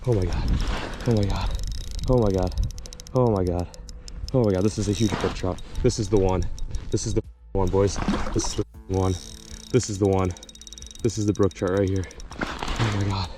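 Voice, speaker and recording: A man vlogging ice fishing, muttering urgently to himself while fighting a fish, then whooping and shouting in celebration. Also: deep voice, fairly even intonation, moderate pace, pauses often, over music. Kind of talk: excited outdoor vlog narration. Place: frozen lake outdoors. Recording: noisy outdoor camera audio.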